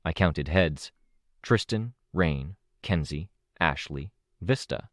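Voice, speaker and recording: A man narrating an audiobook in a steady, measured way, recorded close to the mic. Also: very deep voice, dry recording. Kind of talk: scripted narration.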